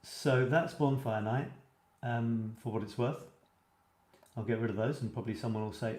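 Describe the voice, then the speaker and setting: A man's voice: medium pitch, fairly even intonation, moderate pace, a little mellow. Male livestream host, chatty and enthusiastic, roomy echo on the voice. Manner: chatty, enthusiastic, reads comments aloud. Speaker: host of a live writing show. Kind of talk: casual live-stream chat. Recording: roomy echoey sound.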